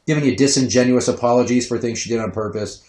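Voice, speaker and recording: A man in his thirties, a podcast host, telling profane, animated stories about his kids in casual chat. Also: mid-range voice, fast talker. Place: home basement. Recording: roomy echo.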